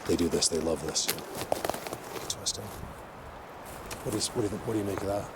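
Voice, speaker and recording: Man, low voice, excited rambling, repeats words, outdoor noise behind. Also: a little fast. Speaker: outdoor vlogger. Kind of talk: walking vlog commentary. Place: outdoors in wild country. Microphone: handheld camera mic.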